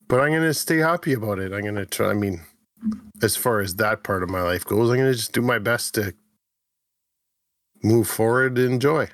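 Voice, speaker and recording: A man co-hosting a casual faith discussion, talking in a rambling, animated way that often interrupts itself. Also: fairly low pitch, normal speed, pauses often, no echo, studio quality. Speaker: podcast co-host.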